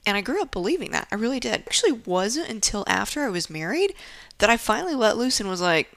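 A young adult woman hosting a podcast, telling a personal story in a candid, wry, lively way with asides. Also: fairly high pitch, quick pace, dry recording. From Japan. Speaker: podcast host. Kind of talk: casual storytelling monologue.

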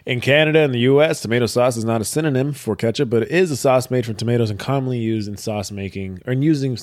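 A man's voice: mid-range voice, fast talker, darkish tone, dry recording, clean studio sound. A young American man co-hosting a podcast, reading from a wiki with profane, sarcastic asides. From United States. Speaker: podcast co-host. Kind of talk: casual chat, reading from a wiki.

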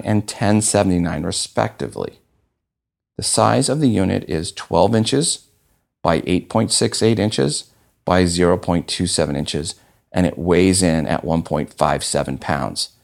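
A man's voice: deep voice, gravelly, darkish tone. A man hosting a podcast solo, talking casually with wry asides. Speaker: podcast host.

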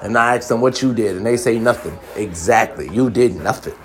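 A man's voice: lowish voice, brisk, faint music behind. A man giving relationship advice in a blunt, profane casual monologue, repeating lines for emphasis.

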